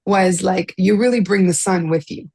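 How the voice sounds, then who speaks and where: A woman from Miami leads a relaxed online study group, speaking gently and thoughtfully. Her speech is full of small restarts and easy laughter. Her voice sounds dry and close, as on a video call. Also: medium pitch, normal speed, slightly rough, no echo. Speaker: host of an online study meetup. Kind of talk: casual spiritual group chat.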